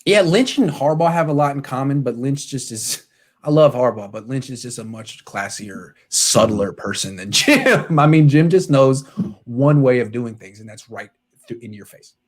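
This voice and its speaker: A man hosting a sports podcast, telling stories in casual chat with sudden loud outbursts and muttered asides. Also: medium pitch, moderate pace. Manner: excitable storyteller, jumps between loud outbursts and muttered asides.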